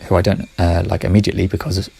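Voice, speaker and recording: A low, gravelly man with a husky edge, talking fast through a casual solo monologue. He rambles, corrects himself mid-sentence and mutters quiet asides. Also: level tone, no echo.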